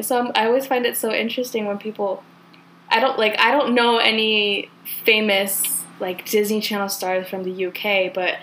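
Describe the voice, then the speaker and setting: A woman's voice: medium pitch, fairly bright tone, poor audio. A young woman from California with a Californian accent, hosting a casual podcast chat and peppering her talk with "like". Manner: chatty, heavy use of "like". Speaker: podcast host.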